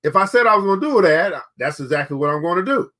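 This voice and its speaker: A man's voice: high-pitched, animated, fast talker, bright, forceful tone. A man hosting a show, giving motivational commentary between book readings, preachy and repeating key phrases for emphasis. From United States. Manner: colloquial, addresses listeners directly. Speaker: show host.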